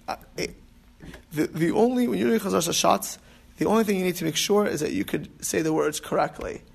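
A man's voice: fairly high pitch, creaky, husky. A man teaching an informal class on prayer, rambling and restarting with emphatic asides. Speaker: rabbi teaching about prayer.

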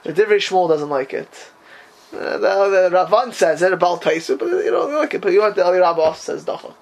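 Man leading a Torah class, high-pitched, animated, faint hiss behind, Hebrew terms in his English. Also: a little fast, rough recording. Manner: animated, rising to high emphatic questions. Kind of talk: informal Talmud class with students.

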